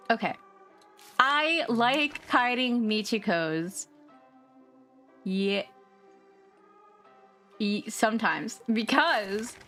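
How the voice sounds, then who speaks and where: A woman's voice: medium pitch, a bit bright. A woman streaming a game live, chatting casually in a chatty, giggly and jumpy way. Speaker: VTuber streamer.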